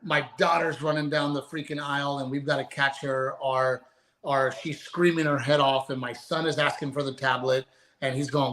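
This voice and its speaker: A man's voice: mid-range voice, little pitch movement, normal speed, fairly bright tone, rough recording. A man, a comedian guest, telling family stories in casual podcast chat and acting out the dialogue.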